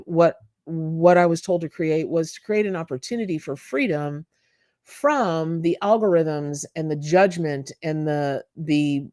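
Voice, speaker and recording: A woman's voice: low-pitched, darkish tone, dry recording, clean studio sound. A woman hosting her channel, giving an emphatic, casual spiritual talk to her viewers and repeating words for stress. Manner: emphatic and repetitive, talks straight to viewers. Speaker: tarot reader and channel host.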